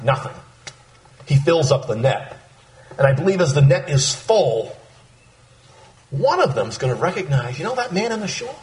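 A man's voice: mid-range voice, reverberant. A man preaching a sermon, walking through a scripture passage and acting out the disciples' lines. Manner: animated, acts out voices of disciples.

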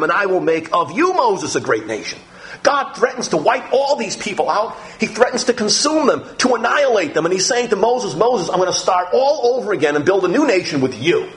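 A man preaching a sermon, reading scripture aloud and acting out the quoted voices with sudden, dramatic lifts in his voice. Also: a little fast. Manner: animated, acts out quoted speech with big pitch jumps.

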